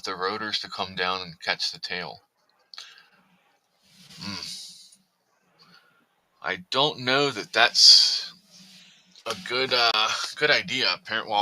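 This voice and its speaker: A man's voice: fairly low pitch, bright, forceful tone, dry recording, rough recording. A man hosting a casual livestream, chatting, reading viewer comments and talking to his cat. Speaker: livestream host.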